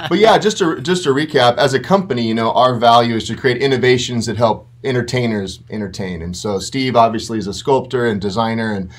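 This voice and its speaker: Company guy chiming in, easy supportive tone, normal pitch. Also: fairly quick, hardly any pauses. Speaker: company team member. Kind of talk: casual interview chat.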